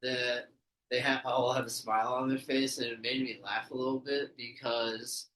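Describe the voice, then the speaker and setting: A man's voice: medium pitch, little pitch movement, normal speed, a bit bright, recorded from a distance. A laid-back man hosts a podcast, rambling casually with plenty of fillers. He sounds set back from the microphone, with a roomy echo around his voice. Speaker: podcast host. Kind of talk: casual chat. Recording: roomy, off-mic.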